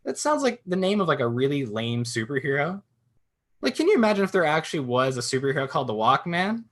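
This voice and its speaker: A young man doing a stand-up comedy set from home, telling jokes with deadpan punchlines and acting out silly voices. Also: on the high side, fast. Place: at home in a swivel chair.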